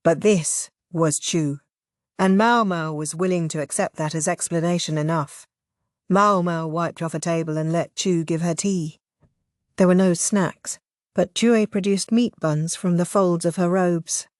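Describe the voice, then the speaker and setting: Low-voiced woman narrating an audiobook. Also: a little slow, a little mellow, dry recording, clean studio sound. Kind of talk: scripted narration.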